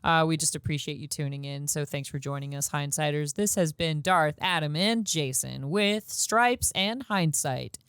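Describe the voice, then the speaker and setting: A man's voice: a little high, moderate pace, hardly any pauses, fairly bright tone, clean tone, dry recording, clean studio sound. A man co-hosting a podcast in casual chat, chatty and playful, laughing often. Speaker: podcast co-host.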